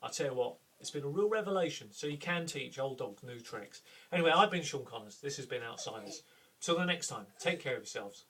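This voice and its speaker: A man's voice: mid-range voice, animated, a little fast, bright, forceful tone, breathy edge, distant mic. A middle-aged man from the UK, a game master hosting a chatty, self-deprecating tips talk. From United Kingdom.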